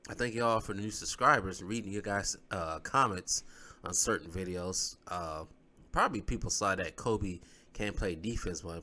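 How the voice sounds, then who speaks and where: A man's voice: lowish voice, sharp tone. A man recovering from the flu, talking casually in a rambling vlog with many fillers. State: recovering from flu, cough drop in mouth. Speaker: YouTube sports commentator.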